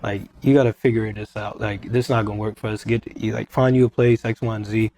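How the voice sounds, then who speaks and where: A young podcast guest speaks briskly in a lowish voice as he casually relates a personal story. He is animated, often repeats himself and quotes what others said.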